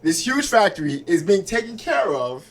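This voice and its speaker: A man with a high voice does stand-up at an open mic. He talks loosely and conversationally, checking in with the crowd again and again. He is heard on a handheld mic on a small club stage. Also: very animated, normal speed, slightly rough. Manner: conversational, asks crowd for agreement. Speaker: stand-up comedian.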